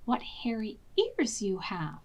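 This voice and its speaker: A woman reading aloud voices a doting old grandmother in a high, sing-song, gushing way. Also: wildly swooping pitch, slow, exaggerated voice.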